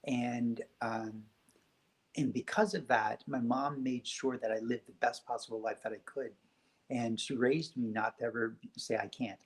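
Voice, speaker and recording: A man speaking as a guest on a spiritual talk show, telling stories in a gentle, reflective way. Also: medium pitch, steady tone, unhurried, rough recording.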